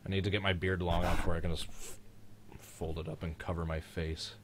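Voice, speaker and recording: A man's voice: low-pitched, level tone, fairly quick, noisy background. A young man hosting a live stream, chatting casually and joking in a rambling way.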